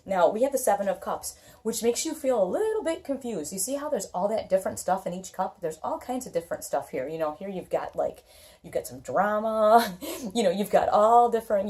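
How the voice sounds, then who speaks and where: A woman's voice: mid-range voice, expressive, brisk, a little mellow. A woman doing a casual tarot reading, chatty and reassuring, often checking in with "okay?". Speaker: tarot reader.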